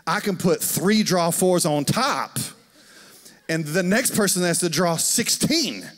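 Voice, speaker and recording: Pastor, fairly high voice, animated storytelling sermon, long hall reverb. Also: male voice, a little slow, pauses often. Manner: storytelling, animated, asks the congregation questions. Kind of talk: conversational sermon. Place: church sanctuary.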